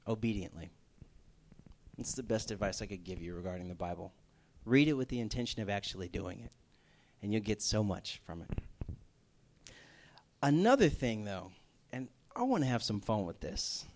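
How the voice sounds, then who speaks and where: Young male preacher, animated storyteller, swings between hushed and loud emphasis. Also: fairly low pitch. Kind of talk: storytelling sermon.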